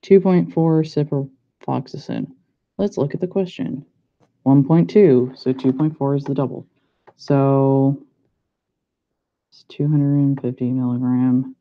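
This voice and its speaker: A young pharmacy student mumbles through practice problems at an easy pace, repeatedly doubting his work. He speaks at a medium pitch in a steady tone, and the recording is muffled and lo-fi.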